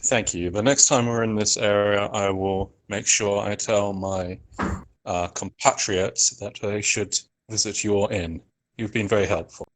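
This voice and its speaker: A man's voice: fairly low pitch, fairly even intonation, unhurried, natural voice, low-quality recording. A man voicing a formal, polite male adventurer. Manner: courteous and formal.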